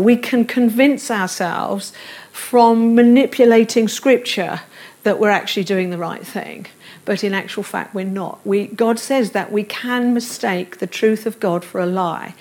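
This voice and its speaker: A woman's voice: mid-range voice, a little mellow. A middle-aged woman preaching a sermon in a church, earnest, with repeated affirmations and light self-deprecating humor. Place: church service room.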